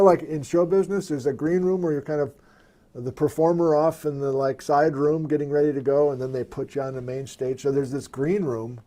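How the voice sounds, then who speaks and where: A man with a mid-range voice hosts a live Q&A stream from his desktop computer. He chats casually and thinks out loud while operating the software.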